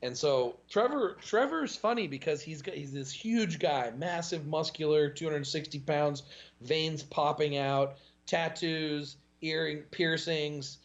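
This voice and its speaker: A man talking as a podcast guest, in a casual, animated storytelling way. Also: a little slow, dull audio. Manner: animated storytelling with pitch jumps and laughs.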